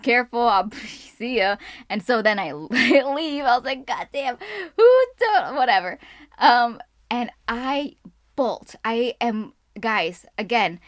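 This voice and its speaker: A young woman vlogger telling a story to her camera indoors, excitable, a bit jittery, fast and messy, trying not to sound out of breath. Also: a little high, dry recording, studio quality. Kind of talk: casual storytime. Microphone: camera mic.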